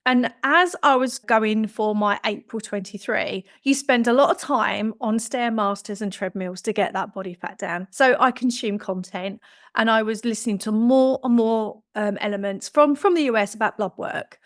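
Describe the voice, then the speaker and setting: Higher-pitched woman in her fifties. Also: moderate pace. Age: 50s. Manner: lively, acts out quoted dialogue. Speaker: podcast guest. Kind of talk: personal storytelling.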